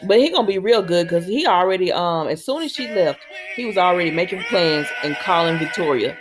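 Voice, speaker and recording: A woman's voice: on the low side, expressive, fairly quick, a crowd in the background. A woman in a casual, chatty recap who talks straight to her viewers. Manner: chatty, conversational, acts out characters' lines while retelling. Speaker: soap opera recap host.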